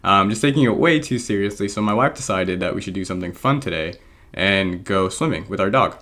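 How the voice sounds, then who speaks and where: Low-voiced man rambling through game commentary. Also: animated, brisk, a bit bright. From born in England, raised American. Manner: rambling, frequent ums, self-deprecating laughs. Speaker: draft league coach and video creator. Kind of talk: casual gameplay commentary.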